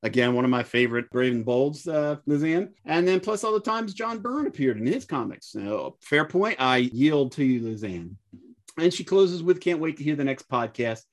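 A man's voice: fairly high pitch, sing-song, normal speed. A man co-hosting a podcast, reading listener mail with wry asides and frequent chuckles. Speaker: podcast co-host.

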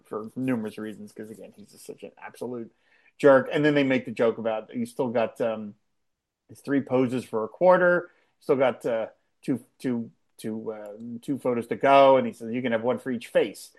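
A podcast co-host chatting casually about a TV episode, laughing often and acting out quoted lines. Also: male voice, mid-range voice, lively intonation, normal speed, darkish tone. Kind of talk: casual chat recapping a TV episode.

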